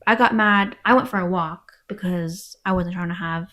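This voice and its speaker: A woman's voice: on the low side, normal speed, a bit bright. Candid woman guest telling her story. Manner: candid storytelling, acts out quoted exchanges, swears. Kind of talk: casual interview.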